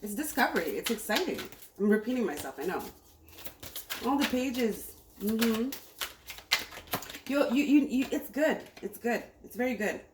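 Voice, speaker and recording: A woman's voice: on the high side, lively intonation, normal speed, long pauses. Upbeat woman reading tarot in echoey room. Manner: upbeat, enthusiastic, repeats herself. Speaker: tarot reader. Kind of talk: casual tarot reading to camera. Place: home room, cooking on stove nearby. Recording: echoey room with faint noise.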